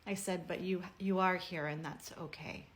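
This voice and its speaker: Earnest woman with a lowish voice. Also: steady tone. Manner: earnest, measured storytelling. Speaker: personal video speaker. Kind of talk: heartfelt personal message to camera.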